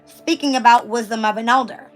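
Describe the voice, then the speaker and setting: A slightly high-pitched woman doing a casual tarot reading, her voice hoarse and wearing thin. She alternates between reading passages aloud and loose, chatty asides. Soft music plays faintly behind her. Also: steady tone, brisk. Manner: reads passages aloud then riffs casually, swears. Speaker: tarot reader.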